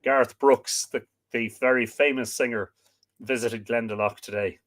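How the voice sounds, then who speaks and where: A man with an Irish accent chats easily on his livestream, working through viewer comments one by one. He greets each person, adds small remarks, and often pauses on fillers as he goes. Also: mid-range voice, fairly even intonation, fairly bright tone. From Ireland. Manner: chatty, reads out names and greetings with frequent fillers. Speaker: livestream host. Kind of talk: casual livestream chat, reading viewer comments. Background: dog barking at times.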